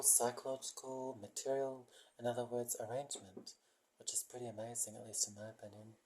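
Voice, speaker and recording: Gentle apologetic guy leading chanting, soft, keeps correcting himself, faint hiss behind. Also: mid-range voice, poor audio. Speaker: meditation guide. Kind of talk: casual spiritual talk, guiding mantra chanting.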